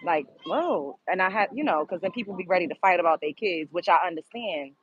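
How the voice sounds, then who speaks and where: A woman's voice: fairly low pitch, quick pace, fairly bright tone, slightly rough, dry recording, lo-fi sound. A woman hosting a live stream, chatting casually and exclaiming straight to her viewers. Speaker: livestream host.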